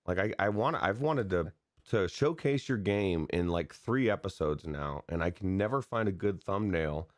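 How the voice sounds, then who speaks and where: A man with a very low voice co-hosts a gaming podcast, rambling loosely and excitably, often restarting his sentences. He is recorded dry and close to the mic. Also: moderate pace, no echo. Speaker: podcast co-host. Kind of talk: casual chat about gaming news.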